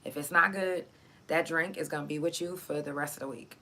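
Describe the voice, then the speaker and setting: A woman's voice: low voice, steady tone, a little fast, bright, forceful tone. A woman hosting a live chat show, telling stories in a loose, profane way, laughing often and stretching words out for emphasis. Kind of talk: casual storytelling to a live audience.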